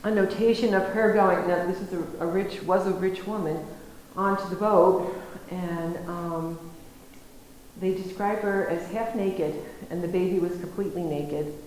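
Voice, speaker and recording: A woman giving a storytelling lecture, her voice ringing around a very echoey room with a faint hiss of noise underneath. She talks in a lively, animated way, acting out conversations and laughing easily. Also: on the low side, a little slow.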